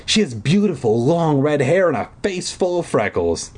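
A man reading aloud and voicing an anxious, insistent girl at summer camp, urgent and pleading, with a husky voice. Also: a little high, big pitch swings, moderate pace, darkish tone, pitched above the performer's own voice.

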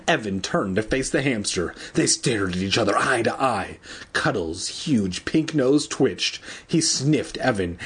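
A man's voice: lowish voice, husky. A man reading a children's book aloud casually, adding joking asides and laughing at his own slips. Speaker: reader.

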